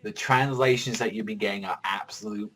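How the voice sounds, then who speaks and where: A man giving a casual, rambling spoken review, excitable and swearing constantly, often breaking into loud mock voices. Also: fairly low pitch, fairly quick. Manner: jumps into shouted mock voices for characters. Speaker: manga reviewer.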